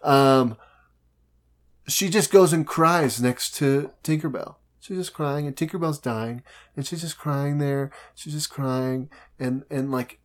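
A man co-hosting a casual chat, recapping a movie and acting out its characters in quick voice shifts. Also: mid-range voice. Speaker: podcast co-host.

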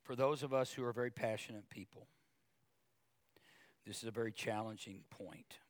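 A male pastor preaching a sermon, talking conversationally with asides and repeated words, then rising in pitch and volume as he gets emotional. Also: moderate pace, no echo. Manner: emotional, grows louder and higher when preaching.

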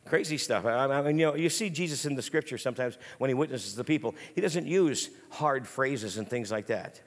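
Animated preacher man with a raspy edge. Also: mid-range voice, fairly quick. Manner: lively, storytelling, casual slang. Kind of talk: animated sermon. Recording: long hall reverb.

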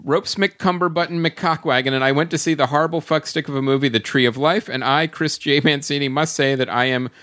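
A man's voice: fairly high pitch, steady tone, fairly quick, hardly any pauses, fairly bright tone. A man hosting a podcast, reading listener comments aloud in a mock-grand way and often breaking into laughter. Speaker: podcast host.

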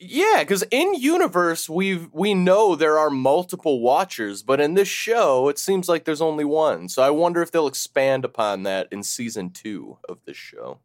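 A man's voice: on the high side, very animated, moderate pace, few pauses, no echo, clean studio sound. A man co-hosting a podcast in casual chat, wry and sarcastic, laughing as he talks. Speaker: podcast co-host.

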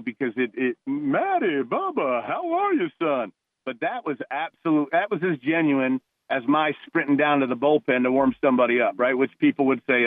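A man's voice: medium pitch, dry recording. A man from New Jersey calling into a radio show as a guest, telling heartfelt, rambling stories with many restarts. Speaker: guest, retired police officer and former college ballplayer. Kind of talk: phone-in radio interview. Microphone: phone. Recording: tinny phone line, dry.

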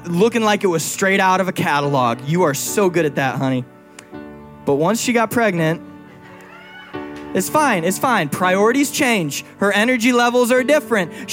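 A man's voice: high voice, fairly bright tone. A young man preaching a sermon to a congregation, conversational and playful, teasing his wife. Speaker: pastor. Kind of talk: sermon with personal stories. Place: church before a congregation.

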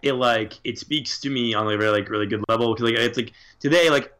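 A man's voice: medium pitch, quick pace, a bit bright. A man co-hosting a casual chat, talking enthusiastically and swearing freely. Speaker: podcast co-host.

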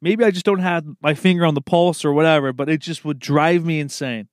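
Profane rambling young man, higher voice. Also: brisk, no room sound, clean studio sound. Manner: profane, rambling, calls everyone dude, laughs at own jokes. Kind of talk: comedic solo riffing.

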